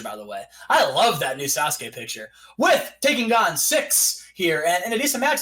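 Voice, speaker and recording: A man's voice: high-pitched, a bit bright. A young man hosting a casual let's-play, joking and narrating in a hyped, playful way. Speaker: gaming channel host.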